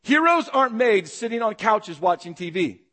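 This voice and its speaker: Male pastor, fairly high voice, dynamic sermon delivery with rhetorical questions. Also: big pitch swings, moderate pace, in a large hall. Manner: dynamic, rhetorical questions, acts out shouted calls.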